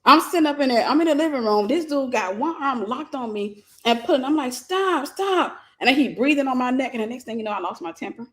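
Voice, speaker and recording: A woman host telling a personal story, animated and repeating phrases for emphasis. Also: high-pitched, quick pace, few pauses.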